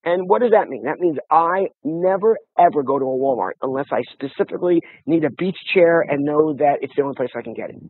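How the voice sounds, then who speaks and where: A man with a high, husky voice tells lively stories in casual conversation, often starting over mid-sentence. The sound is tinny and phone-like and very dry. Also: fairly quick, hardly any pauses, dry recording. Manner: animated storytelling with many restarts. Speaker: guest.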